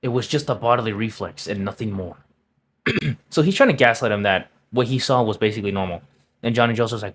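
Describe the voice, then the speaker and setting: A man's voice: fairly low pitch, brisk, slight background noise. Casual man recapping a manga. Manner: loose storytelling, often clears throat. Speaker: manga reviewer.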